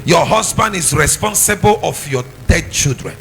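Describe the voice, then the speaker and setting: A young man preaching, telling a testimony and building from quiet talk to sung, shouted phrases. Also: a little high, lively intonation, moderate pace, soft background music, low-quality recording. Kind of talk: sermon testimony.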